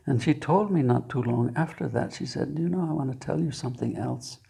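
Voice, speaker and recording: Older man with a husky, gravelly voice. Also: mid-range voice, fairly quick. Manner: soft-spoken, drops to a near whisper when quoting. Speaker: therapist. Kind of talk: recounting a therapy story.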